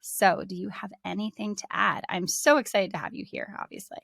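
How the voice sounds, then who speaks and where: Bright-voiced bubbly woman podcast host. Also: medium pitch, brisk, gravelly, no echo, studio quality. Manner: bubbly, laughs often. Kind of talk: casual interview chat.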